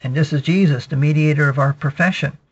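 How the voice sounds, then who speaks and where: Higher-pitched male preacher on a dull recording. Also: fairly even intonation, husky. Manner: measured teaching, peppered with "okay" and repetitions. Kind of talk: sermon, verse-by-verse Bible exposition.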